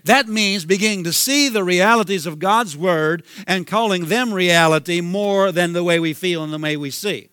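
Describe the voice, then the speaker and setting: A man's voice: sits high, normal speed, few pauses, sharp tone, smooth, no room sound, studio quality. A man preaching a sermon with a Southern US accent, fervent and repetitive, calling out hallelujah. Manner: fervent, repeats himself, calls out hallelujah.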